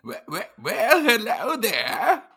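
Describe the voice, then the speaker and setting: A man putting on the voice of a frail elderly invalid man, high, quavering and over the top. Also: huge pitch swings, slow pace, pushed and bright, breathy edge, exaggerated voice. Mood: sly greeting. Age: older.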